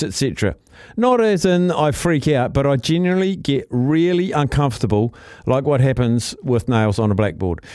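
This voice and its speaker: An upbeat radio host, chatting and reading out listener messages. His voice sits a little high for a man. The sound is dry and close, straight into a studio microphone. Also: darkish tone, no room sound. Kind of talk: casual radio chat.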